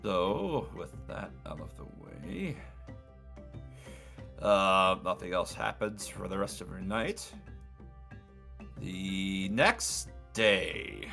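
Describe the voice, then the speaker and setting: Lively, bright-voiced man game master. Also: low-pitched, extremely slow, creaky, long pauses, faint music behind. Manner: relaxed, with fillers and restarts, reads boxed text. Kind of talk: narrating a tabletop game.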